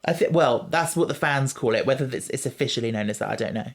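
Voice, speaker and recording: A podcast host, chatting casually about an episode, animated and quick to quote scenes. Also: medium pitch. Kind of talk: casual chat reviewing an episode.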